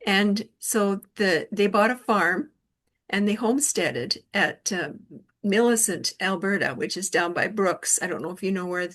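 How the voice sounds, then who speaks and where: A woman's voice: medium pitch, measured pace, a bit bright. A woman hosting a casual conversation over an online call, telling chatty stories and laughing often. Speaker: host.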